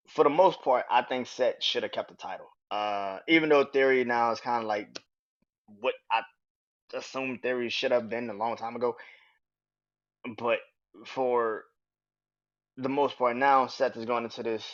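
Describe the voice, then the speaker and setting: Bright-voiced excitable man, lo-fi sound. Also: medium pitch, a little slow, long pauses. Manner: excitable, swears freely, quotes wrestlers in loud bursts. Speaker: podcast host. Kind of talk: casual wrestling commentary. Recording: dull lo-fi sound.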